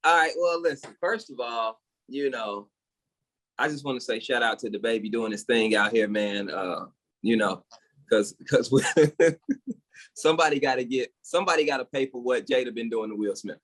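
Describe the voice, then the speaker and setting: A man's voice: medium pitch, normal speed, a bit bright. A man co-hosting a casual podcast, giving an opinionated, heated rant and laughing at his own jokes. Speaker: podcast co-host.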